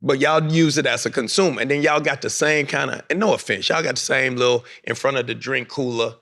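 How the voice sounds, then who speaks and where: A man's voice: medium pitch, a little fast, pushed and bright. A man moderating a panel, energetically quizzing young basketball players and coaxing answers.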